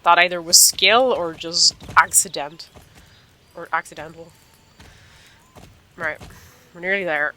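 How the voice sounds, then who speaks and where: A woman's voice: on the low side, steady tone, measured pace, pauses often, sharp tone, slight background noise. A woman hosting a gaming channel, giving casual gameplay commentary and joking and exclaiming at the screen.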